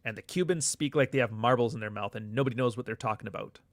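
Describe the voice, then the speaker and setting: Speaking quickly in a mid-range voice, a middle-aged live-show host reads out viewer comments and chats with his audience. He jokes and swears freely, drifting into frequent asides, and the recording is dry.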